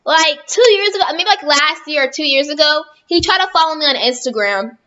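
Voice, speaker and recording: Chatty bright-voiced woman vlogger. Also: high voice, lively intonation, a little fast, highs cut off. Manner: rambling, chatty, often corrects herself. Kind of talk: storytime vlog.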